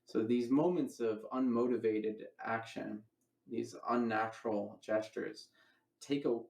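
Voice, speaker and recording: A man with a gravelly voice gives a casual magic lecture. He rambles, restarts phrases and talks through moves as he demonstrates them. The room around him is echoey. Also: lowish voice, a little mellow, far from the mic.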